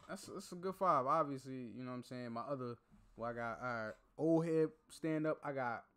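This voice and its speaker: A man's voice: mid-range voice, a bit bright. A man hosting a reaction video, talking casually and profanely, often trailing off while he thinks aloud.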